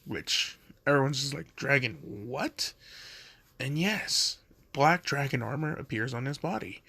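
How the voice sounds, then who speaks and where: A man's voice: mid-range voice, normal speed, gravelly, sharp tone, slightly rough, no echo. A man casually telling a fan story, rambling with lots of fillers and swearing.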